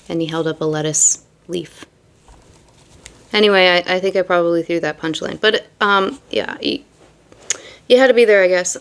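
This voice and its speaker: Young woman, tarot reader, rambling casual chat, lots of fillers. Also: on the low side. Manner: rambling, chatty, with many fillers. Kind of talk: casual chat and card reading.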